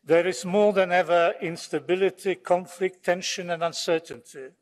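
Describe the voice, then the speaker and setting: A man's voice: sits high, fairly even intonation, moderate pace. Sarcastic man orating in a hall. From Poland. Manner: sarcastic, combative oratory. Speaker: member of parliament. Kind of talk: formal parliamentary speech. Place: large parliament chamber. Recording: long reverb of a large hall.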